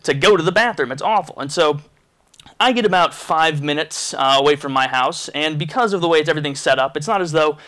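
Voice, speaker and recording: A man telling a crude, rambling story in a casual vlog, animated and full of restarts. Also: a little high, brisk. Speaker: vlogger.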